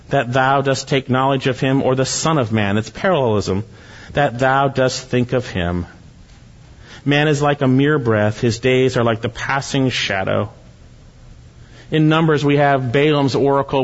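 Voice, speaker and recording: A man preaching a verse-by-verse sermon, earnest and full of rhetorical questions, dropping his voice low when he quotes scripture. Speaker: pastor. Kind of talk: expository sermon. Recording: dull, reverberant hall sound.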